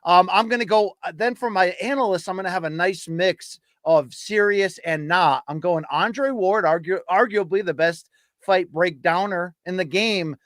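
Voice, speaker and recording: A man co-hosting a casual podcast, trading playful banter and laughing often. His voice is fairly high, and the recording is dry and close. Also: normal speed, fairly bright tone, no room sound. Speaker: podcast co-host. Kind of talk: casual chat.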